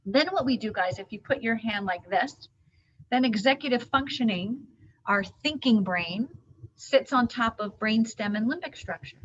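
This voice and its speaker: Woman trainer, higher pitch, animated teaching manner; muffled lo-fi recording. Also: moderate pace, breathy edge. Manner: animated teaching, hand gestures, warm explanations. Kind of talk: live training talk to caregivers. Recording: dull lo-fi sound.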